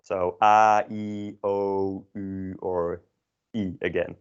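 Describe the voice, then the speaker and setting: A young man whose first language is Dutch walks a beginners' class through grammar in an informal, halting way, pausing on fillers and restarting his sentences. His voice sits fairly low. The recording is muffled and lo-fi, as if captured in a classroom. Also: flat delivery, clear, resonant tone. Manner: hesitant, with many fillers and self-corrections.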